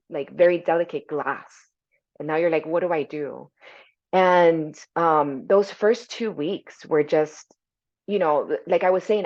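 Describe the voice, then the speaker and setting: A woman with a lowish voice tells her story candidly on a podcast, reflective and open. Her speech is sprinkled with "you know" and "right?". The recording sounds dull and lo-fi. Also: darkish tone. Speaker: podcast guest.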